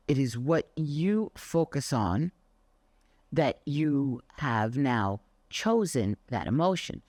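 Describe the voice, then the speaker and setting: A woman's voice: extremely low pitch, no room sound. An older woman, a Pilates instructor, talking casually and animatedly to camera, telling stories with the odd swear word. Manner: chatty, animated storyteller with mild swearing. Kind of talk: casual motivational talk to camera.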